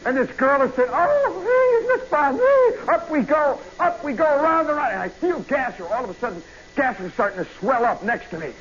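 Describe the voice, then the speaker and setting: A man telling a comic story in a live radio monologue, swinging from hushed asides to loud yelps. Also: very high-pitched, animated, fast talker. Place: nightclub stage. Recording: muffled vintage radio broadcast with hiss.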